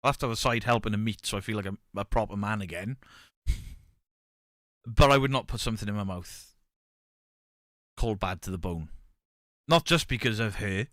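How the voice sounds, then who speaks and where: A man's voice: lowish voice, dry recording, clean studio sound. A man, streaming and bantering casually with his chat. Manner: banter, reads chat aloud, shouts mock pub-landlord bits.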